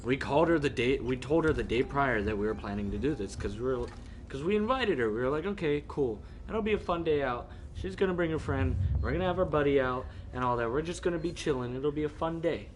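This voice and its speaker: A man telling a story in casual chat with friends, animated and swearing, often laughing and acting out people's voices. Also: medium pitch, fairly quick. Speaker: streamer. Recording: faint background noise.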